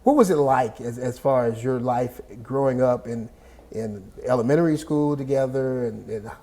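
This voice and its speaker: A man hosts a TV talk show and speaks at a middle pitch. He trips over his words and repeats himself as he leads into friendly questions. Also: moderate pace, dark tone. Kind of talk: TV interview hosting.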